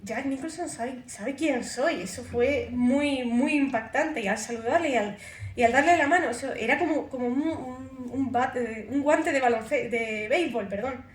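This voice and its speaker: A woman's voice: sits high, brisk. Woman interpreting in an echoey hall. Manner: relaying in first person, self-correcting. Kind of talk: consecutive interpreting at a Q&A. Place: festival event hall. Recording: echoey room, distant mic, faint noise.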